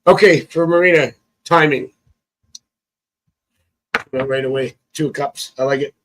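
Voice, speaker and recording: A man's voice: medium pitch, measured pace, fairly bright tone, a little hiss or hum, rough recording. A man reading tarot cards on a live stream. He chats casually, thinks aloud and chuckles often. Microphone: phone.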